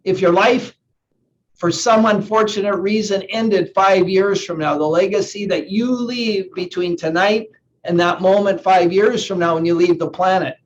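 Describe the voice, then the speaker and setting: Earnest higher-voiced male coach. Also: moderate pace. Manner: earnest, repeats words while thinking. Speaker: NLP coach. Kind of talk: live online coaching session talk. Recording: slightly dull lo-fi sound with faint hiss.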